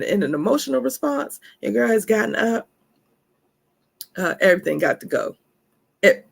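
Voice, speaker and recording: In a gravelly, mid-range voice, a woman gives an emphatic self-care motivational talk, with laughing asides and frequent use of "honey" for her listeners. The audio is slightly rough.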